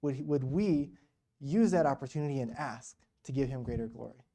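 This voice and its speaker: The speaker is a man with a mellow, medium-pitched voice, talking at normal speed. As a guest at a church, he preaches a storytelling sermon in a conversational manner, full of rhetorical questions and "you know."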